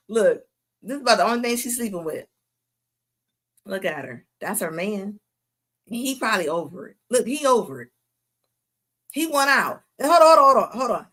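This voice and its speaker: A woman's voice: fairly high pitch, a bit bright. A woman hosting a livestream, giving mocking reaction commentary with frequent laughter. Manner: laughing mocking banter, drawn-out asides. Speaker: host.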